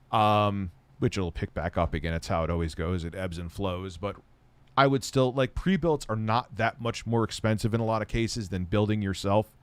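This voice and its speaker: A man's voice: fairly low pitch, dry recording. A man answering viewer questions on a casual live stream, blunt and rambling, often heated and swearing.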